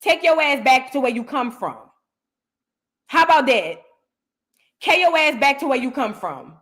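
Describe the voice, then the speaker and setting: A fiery American woman is doing commentary on a reaction show and calling out a commenter. Her voice sits a little high. She talks in a combative way and keeps circling back to repeat her lines. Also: expressive, moderate pace, a bit bright. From United States. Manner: confrontational, repeats lines for emphasis. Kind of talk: heated commentary on viewer comments.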